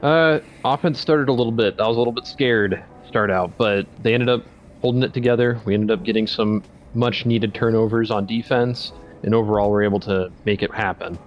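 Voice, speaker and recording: A man's voice: fairly low pitch, fairly quick, slight background noise. A young man answering post-game interview questions as a coach, brief and a little hesitant. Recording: muffled lo-fi call audio.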